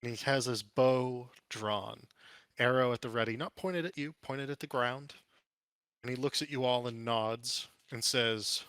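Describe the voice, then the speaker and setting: A man narrating a tabletop game as game master in a dramatic, drawn-out way. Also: mid-range voice, a bit bright, clean tone, no echo.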